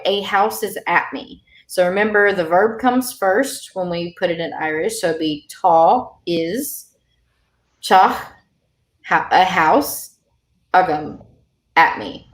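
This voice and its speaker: A woman's voice: fairly low pitch, roomy sound. A woman teaching an online language lesson over a video call, explaining patiently with many fillers.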